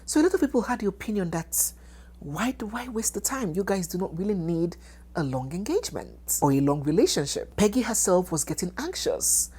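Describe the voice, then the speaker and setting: A woman narrating a dramatic documentary story, animated and dropping into hushed, whispered asides. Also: medium pitch, fairly quick, slightly rough.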